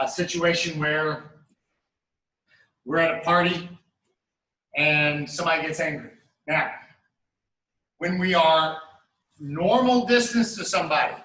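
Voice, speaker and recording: Echoey jiu-jitsu instructor coaching a class. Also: male voice, a little high. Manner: steady coaching cues, talks through moves step by step. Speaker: martial arts instructor. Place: training studio. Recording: echoey room, mic at a distance.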